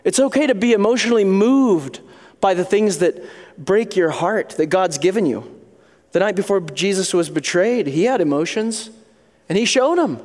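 A male pastor with a high voice preaches in an earnest, chatty way, as if telling a story to friends. His words ring out with a long reverb. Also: animated, moderate pace, darkish tone. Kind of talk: sermon.

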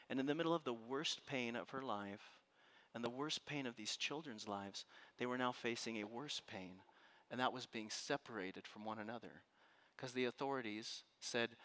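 A man preaching a sermon to a room and listeners at home, telling a story with passion and dropping from loud to hushed. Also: mid-range voice, normal speed, a little hiss or hum. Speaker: pastor. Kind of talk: sermon to a live congregation. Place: room with an audience.

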